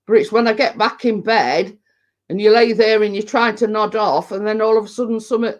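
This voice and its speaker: A man, chatting casually on a livestream, rambling and halting with many restarts, a little tipsy. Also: high-pitched, fairly even intonation. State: tipsy from home brew. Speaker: livestream host. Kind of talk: casual chat reading viewer comments.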